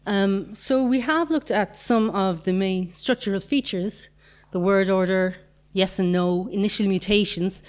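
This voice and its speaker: A woman's voice: mid-range voice, a little slow. A woman giving a conference talk, patiently explaining grammar with examples and the odd light chuckle. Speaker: conference speaker.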